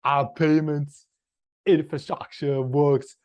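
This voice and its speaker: A man doing an impression of an older male action-movie star with an Austrian German accent, speaking slowly and loudly over a video call. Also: fairly high pitch, little pitch movement, dull audio. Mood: mock-serious.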